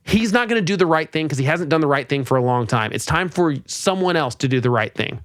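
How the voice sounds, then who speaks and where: A man hosting a podcast, giving exasperated, animated political commentary with sarcastic mock quotes. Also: fairly high pitch, fast, dry recording, clean studio sound. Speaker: podcast host.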